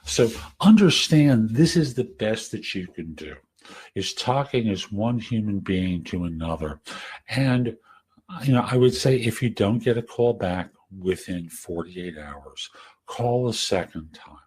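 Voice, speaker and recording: Soft-spoken husky man giving advice. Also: lowish voice, lively intonation, a little slow. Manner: soft, gentle, conversational delivery. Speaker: career coach and podcast host. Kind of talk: casual advice talk.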